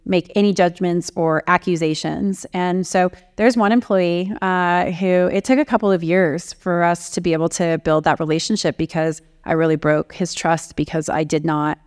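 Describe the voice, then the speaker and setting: A woman executive talks through her leadership lessons with candor and a willingness to criticize herself. Her voice sits a little low and comes across smooth and resonant. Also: steady tone, moderate pace, hardly any pauses, a little mellow. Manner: candid, reflective, self-critical. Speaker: CEO and author. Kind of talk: interview answers, storytelling.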